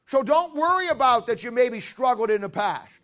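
A man with a strikingly high voice preaches to a congregation. He asks them questions and leans hard into his key lines, rising into near-shouts when he drives a point home. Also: expressive, normal speed. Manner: emphatic, questions the congregation and builds to loud stresses. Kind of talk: sermon.

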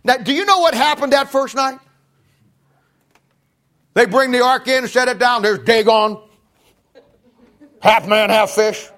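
Male preacher, high voice, animated sermon delivery with shouts and asides, conversational storytelling. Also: measured pace, pauses often. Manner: animated, swings from shouting to quiet asides, laughs at his own jokes.

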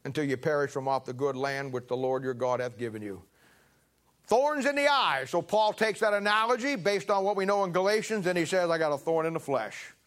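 A man preaching in a loose, folksy way, wandering through a long anecdote before landing the lesson. His voice sits a little higher than most men's. He trips over his words and starts lines again. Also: fast, few pauses. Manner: folksy, rambling anecdotes with restarts. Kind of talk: sermon with storytelling.

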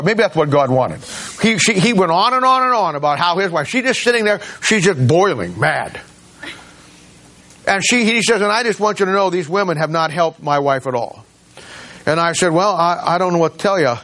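Man, pastor, high voice, folksy sermon, conversational, restarts sentences. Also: fairly bright tone.

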